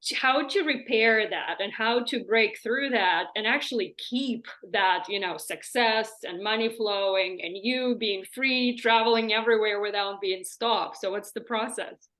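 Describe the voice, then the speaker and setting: A woman's voice: medium pitch, a little slow, few pauses, fairly bright tone. A woman hosting an interview, reflecting aloud and asking questions with many fillers. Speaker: podcast host. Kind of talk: conversational interview.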